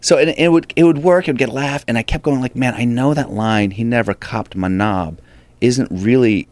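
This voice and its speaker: A man, a comedian and actor, telling an animated story in a casual interview, acting out quoted lines with lots of restarts. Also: mid-range voice, normal speed, dry recording.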